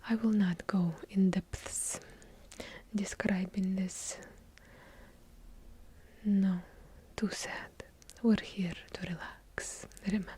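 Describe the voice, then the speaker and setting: A woman's voice: mid-range voice, fairly even intonation, takes it slowly, warm tone, a little hiss or hum. A woman with a heavy Russian accent whispering ASMR trigger words, drawing out each repeated word and slipping in wry asides. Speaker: ASMR creator. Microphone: handheld field recorder.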